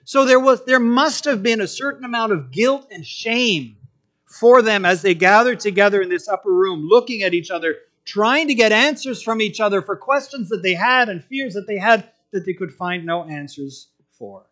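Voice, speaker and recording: A man preaching a sermon, telling the story in an animated way and acting out quotes in different voices. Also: sits high, normal speed.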